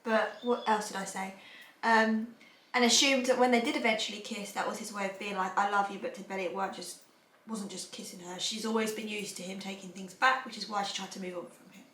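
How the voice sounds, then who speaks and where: A woman's voice: medium pitch, fairly even intonation, a little fast, a bit bright. A woman, hosting a casual podcast and rambling in a chatty way. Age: 20s. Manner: chatty, rambling, laughs often. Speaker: podcast host. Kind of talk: casual chat. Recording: roomy room, mic at a distance.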